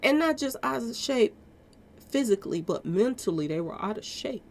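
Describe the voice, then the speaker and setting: A woman vlogger talks straight to her viewers in a chatty, emphatic commentary. Her voice sits a little high with a gravelly edge. She keeps checking in with her audience as she goes. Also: very animated, moderate pace, a little mellow. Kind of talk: casual commentary monologue.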